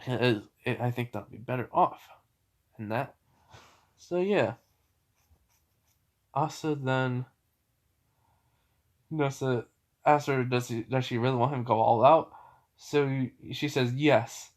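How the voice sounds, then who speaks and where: A man's voice: medium pitch, takes it slowly, long pauses. A man casually retelling a fan story, rambling with many fillers and self-corrections.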